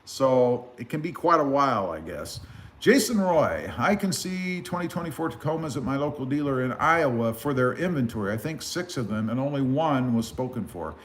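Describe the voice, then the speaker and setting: A man from South Texas hosting a casual car livestream on a phone, reading viewer comments in a relaxed, rambling way. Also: mid-range voice, normal speed, a little hiss or hum. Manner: relaxed, rambling with many fillers. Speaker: car channel host. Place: live stream over phone.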